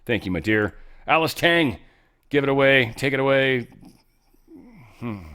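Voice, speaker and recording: A man in the host's chair talks through the day's news in a loose, rambling way. He piles up fillers and restarts as he goes, and his voice sits at an ordinary pitch. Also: expressive, a little slow, a bit bright, smooth. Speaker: show host. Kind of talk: casual political commentary.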